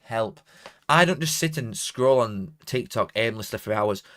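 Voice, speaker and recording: Chatty South Yorkshire lad on a stream. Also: male voice, mid-range voice, lively intonation, normal speed, fairly bright tone. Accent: Barnsley, South Yorkshire. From South Yorkshire, England. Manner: rambling, self-mocking, broad dialect grammar. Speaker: football streamer reading donations. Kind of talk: casual live watchalong chat.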